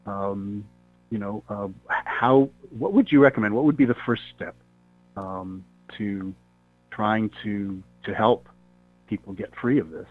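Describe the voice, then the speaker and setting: A man hosting a radio talk show, telling a personal story in a rambling, halting way with many fillers. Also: lowish voice, soft background music. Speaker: radio host. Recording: tinny phone-line sound.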